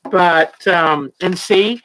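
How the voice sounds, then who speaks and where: A woman's voice: on the low side, extremely slow, a bit bright, a little hiss or hum, poor audio. A woman in her sixties, a quilting teacher on a casual livestream, chatty and laughing often, a little tired and yawning. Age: 60s.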